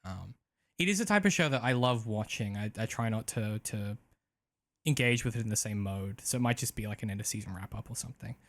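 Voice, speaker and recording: Man, podcast co-host, casual chat, lots of ums, drifts quieter at line ends. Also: on the low side, brisk. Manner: chatty, many ums, trails off softly.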